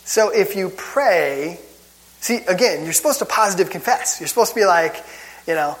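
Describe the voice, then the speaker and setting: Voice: mid-range voice, lively intonation, normal speed, fairly bright tone. Wry chuckling Bible teacher. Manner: gets worked up. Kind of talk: casual teaching talk.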